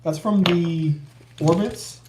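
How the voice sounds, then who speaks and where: A man's voice: a little high, takes it slowly, background noise. A man co-hosting a casual livestream chat, telling stories in a wry, joking way. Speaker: co-host. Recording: roomy echo.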